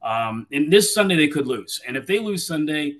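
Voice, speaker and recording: A man, a guest on a sports podcast, telling lively stories in casual chat. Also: a little high, normal speed. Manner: animated storyteller.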